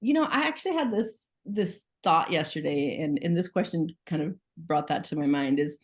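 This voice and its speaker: Chatty woman with a lowish voice. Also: lively intonation, moderate pace. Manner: chatty, many "like" fillers, asks the audience questions. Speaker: school social worker. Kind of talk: casual presentation on a video call. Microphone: video call microphone.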